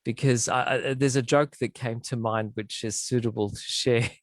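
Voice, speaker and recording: A man joining a class over a video call, hesitant and halting as he asks a question and tells a joke. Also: medium pitch, steady tone, no echo. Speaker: class participant.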